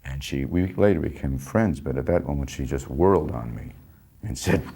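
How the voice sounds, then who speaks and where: A man's voice: extremely low pitch, moderate pace, mellow, slightly rough. An older man telling a story about his past, rambling and breaking off mid-sentence with small chuckles. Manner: rambling, self-interrupting, chuckling. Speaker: actor recalling a film. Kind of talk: anecdotal storytelling.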